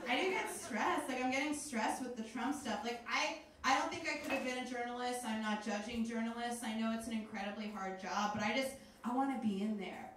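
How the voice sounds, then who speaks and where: A woman's voice: on the high side, brisk, few pauses, a bit bright, far from the mic. A young woman performing a stand-up comedy set on a club stage, talking in a chatty, rambling way with lots of fillers. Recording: roomy club sound heard from afar, crowd noise. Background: audience laughter.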